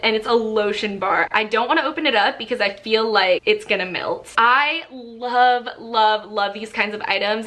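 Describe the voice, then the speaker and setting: A young woman chatting excitedly as she unboxes a book subscription box in a casual vlog. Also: a little high. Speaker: book vlogger.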